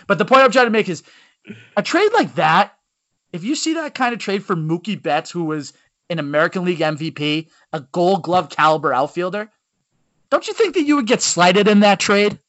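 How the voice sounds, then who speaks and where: A man, a youth baseball coach guesting on a podcast, telling stories in blunt, animated sports chat. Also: high voice, normal speed, no echo. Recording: dull lo-fi dry sound.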